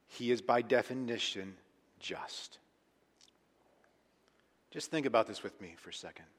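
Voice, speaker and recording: Bright-voiced pastor in a reverberant hall. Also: male voice, medium pitch. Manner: conversational, emphatic, swings from loud to hushed. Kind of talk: sermon.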